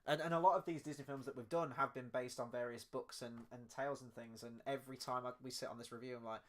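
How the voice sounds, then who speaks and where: A young adult man with a mid-range voice co-hosts a relaxed film review chat. He rambles, circling back and restarting his thoughts with plenty of fillers. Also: mid-range voice, fast. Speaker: podcast co-host.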